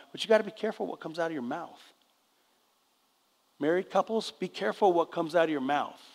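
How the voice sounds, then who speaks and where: An older man giving a conversational sermon as a preacher, often checking in with the congregation. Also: a little high. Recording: long reverb of a church hall.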